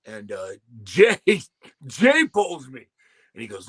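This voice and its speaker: A man's voice: mid-range voice, wildly swooping pitch, slow, fairly bright tone, breathy edge. A man in his sixties, a former wrestler, telling rambling, salty stories as a guest and acting out other people's quotes. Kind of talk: casual storytelling.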